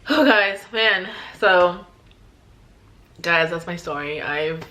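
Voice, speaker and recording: A young woman vlogger shares a personal story with heartfelt emotion, sighing often and pausing a lot. Her voice is fairly low in pitch and has a sharp tone.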